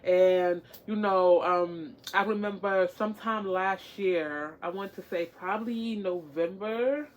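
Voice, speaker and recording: A woman's voice: mid-range voice, slow pace, hardly any pauses, highs cut off. A woman talking casually to the camera as a tarot-reading vlogger, encouraging and repetitive, with many fillers.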